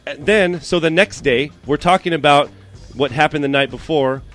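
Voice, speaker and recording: A young man hosting a radio show, telling a story in a casual, animated way and mimicking the people in it. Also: a little high, normal speed, soft background music. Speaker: radio host.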